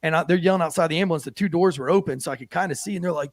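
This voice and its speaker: A man's voice: a little high, very fast, no room sound. A man who co-hosts the show and serves as a police officer, telling a story with brash, profane energy and acting out the people he quotes. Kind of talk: animated storytelling.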